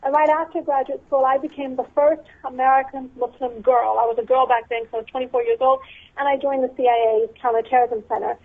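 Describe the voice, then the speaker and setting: A woman in her thirties from Texas with a light Southern accent, a guest expert speaking in an articulate, measured way on a phone interview. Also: sits high, fairly even intonation. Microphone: telephone. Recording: tinny phone line.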